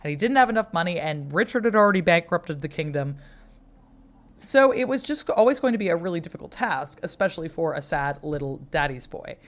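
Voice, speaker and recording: A woman's voice: lowish voice, expressive, a little fast. A woman co-hosting a history podcast, chatting casually with wry, profane humor and sounding tired. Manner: chatty, wry, swears freely, acts out quotes. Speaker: podcast co-host, medieval historian. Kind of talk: casual chat.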